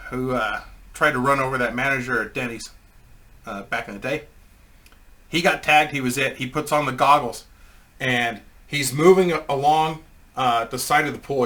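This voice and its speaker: A man's voice: mid-range voice, sharp tone. A man telling a rambling, crude comic anecdote in a casual way, laughing at his own story.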